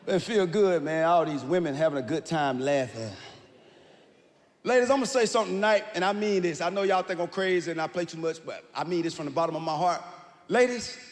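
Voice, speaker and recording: A man doing live stand-up comedy, telling stories with animated, playful asides to the crowd. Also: high-pitched. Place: large live comedy venue. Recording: reverberant live venue with faint room noise.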